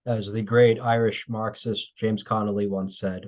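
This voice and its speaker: Low, flat-voiced man. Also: unhurried. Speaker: author discussing his book. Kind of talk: academic conversation.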